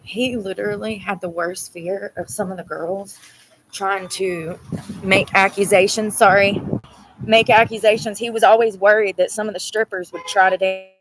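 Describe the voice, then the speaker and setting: A woman's voice: medium pitch, steady tone, moderate pace, low-quality recording. A woman chatting casually from her car, loose and talkative, with frequent laughter. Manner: laughs constantly while retelling a funny video. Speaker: vlogger. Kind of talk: casual chat.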